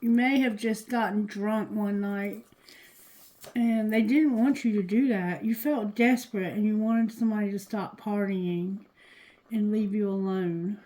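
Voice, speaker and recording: A woman giving a casual tarot reading to her viewers, talking loosely and cursing, going quieter when she asks the cards. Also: medium pitch, steady tone, unhurried, low-quality recording. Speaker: tarot reader.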